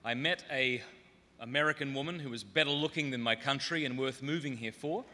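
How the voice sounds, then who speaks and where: A man from Australia, whose Australian accent has softened, gives a humorous talk to a conference audience in a large hall, telling self-deprecating stories with comic asides. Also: medium pitch, brisk, slight background noise. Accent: muted Australian. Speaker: conference speaker. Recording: long reverb of a large hall.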